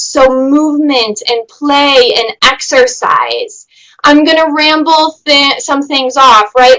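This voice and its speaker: Woman, webinar presenter, high voice, bright tone, earnest, emphatic. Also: low-quality recording. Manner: earnest, emphatic, repeats "really" for stress. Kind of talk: educational webinar talk.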